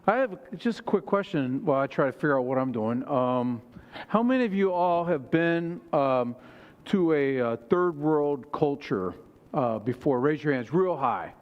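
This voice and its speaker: A pastor opening his sermon in a relaxed, chatty way with the congregation. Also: on the high side, normal speed. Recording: dull sound in a reverberant hall.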